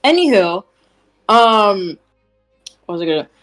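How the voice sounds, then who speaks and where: A woman player in a tabletop role-play, excitable and loud, swearing freely. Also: medium pitch, normal speed, soft background music. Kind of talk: playing a tabletop game.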